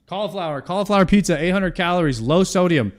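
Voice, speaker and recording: A man's voice: sits high, animated, fast. A man streaming, chatting casually as he reacts to a video, rambling and stumbling over himself in a self-mocking way. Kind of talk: casual chat.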